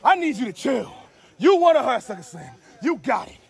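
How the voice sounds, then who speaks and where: A man's voice: extremely high pitch, sing-song, a little fast, creaky, a little mellow. A man acting as wrestling promoter, commanding two rivals and booking their match. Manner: commanding, breaks up the fight.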